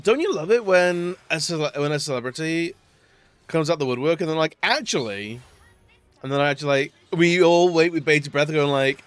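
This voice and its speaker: A man's voice: on the high side, a little fast, clean tone, no echo, soft background music. A man chatting casually during a live stream, rambling and laughing often between remarks. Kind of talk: casual live-stream chat while gaming.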